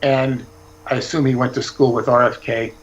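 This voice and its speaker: A man's voice: medium pitch, flat delivery, normal speed, highs cut off. A man talking as a guest author, telling rambling, digressive anecdotes in casual chat.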